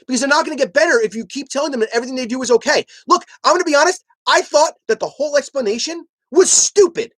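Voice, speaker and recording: A live stream host giving heated commentary, arguing emphatically with chat and rising to near shouts. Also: sits high, no echo. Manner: animated ranting, emphatic and repetitive.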